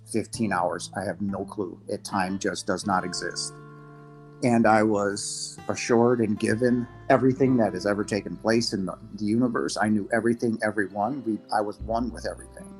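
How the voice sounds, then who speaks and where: Guy in his 50s on a podcast, telling his story, halting and emotional, voice breaking now and then. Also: on the low side, a little mellow. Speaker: podcast guest. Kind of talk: personal testimony in an interview.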